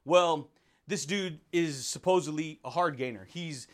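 A man hosting a motivational podcast, talking in an energetic, slangy way and putting on quick voices for the people he quotes. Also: on the high side. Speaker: podcast host.

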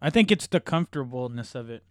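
A man's voice: mid-range voice, expressive, fast, no room sound, studio quality. A young man co-hosting a podcast in casual chat, telling stories animatedly, swearing and laughing a lot. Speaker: podcast co-host.

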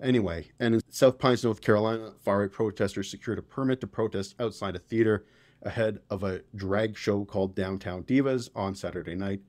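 A man's voice: lowish voice, fairly even intonation, a little fast, a little mellow. A man hosting a political podcast, reading news stories aloud and reacting with exasperated, profane commentary. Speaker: podcast host.

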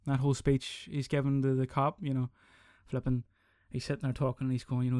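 In a solo podcast he hosts, a young man rants casually, rambling, animated and heavily sweary. He talks fast with few pauses in a medium-pitched voice, recorded cleanly in a studio with no room sound.

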